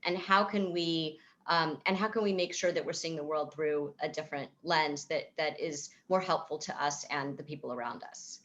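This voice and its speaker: A woman psychotherapist with a fairly low voice speaks over a video call. She explains ideas thoughtfully, circling back and restarting her sentences as she goes. Her talk comes across as calm and considered. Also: moderate pace, few pauses, lo-fi sound. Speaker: psychotherapist and author. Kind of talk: virtual event talk, answering a host's questions.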